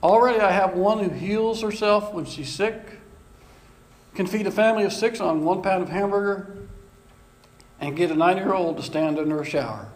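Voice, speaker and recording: A man's voice: sits high, normal speed, roomy sound, close to an everyday voice, poor audio. A man voicing the Lord, an eager, tender male creator, in a read-aloud story within a sermon. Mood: earnest.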